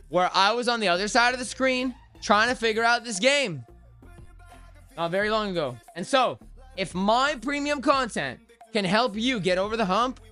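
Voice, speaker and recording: Bright-voiced tired male trading streamer. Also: high-pitched, smooth. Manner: chatty and hyped, talks straight to chat. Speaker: crypto trading livestream host. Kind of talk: casual livestream chat. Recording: music playing faintly behind.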